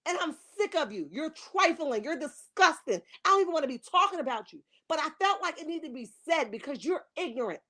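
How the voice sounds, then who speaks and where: High-voiced woman in a fiery scolding rant. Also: big pitch swings, fairly quick, few pauses, pushed and bright. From Camden, New Jersey. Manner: scolding, fiery, rhetorical questions. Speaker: online commentary host. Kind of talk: heated rant commentary.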